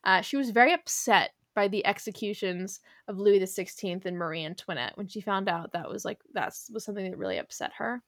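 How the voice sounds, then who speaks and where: A woman's voice: mid-range voice, expressive, a little fast, few pauses, dry recording, studio quality. A young adult woman hosting a podcast, chatting casually about history with lots of fillers and frequent laughs. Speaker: podcast host.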